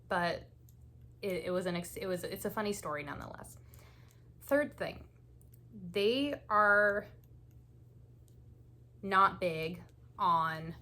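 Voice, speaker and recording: Her voice is on the low side and a bit bright. On her knitting channel she chats through stories in a relaxed way, laughing frequently and leaning heavily on "like."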